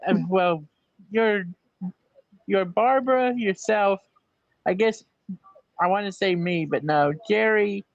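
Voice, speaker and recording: A woman's voice: medium pitch, slow pace, long pauses, no room sound, lo-fi sound. A woman chatting on a live panel, hesitant and searching for her words. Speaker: panel guest. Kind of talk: casual chat.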